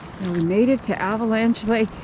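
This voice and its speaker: A woman's voice: fairly high pitch, music in the background, rough recording. An older woman chatting casually as she films a hike on a forest trail and points out the sights. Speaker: vlogger. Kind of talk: casual hiking vlog narration. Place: outdoor forest trail by roaring water. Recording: outdoor camera audio with clear rushing-water noise.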